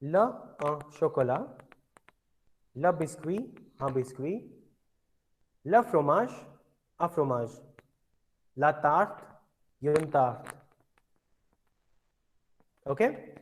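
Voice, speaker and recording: A man's voice: a little high, lively intonation, low-quality recording. A man teaching a French vocabulary lesson, patiently repeating each word. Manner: slow, patient, repeats words for drilling. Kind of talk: classroom language lesson.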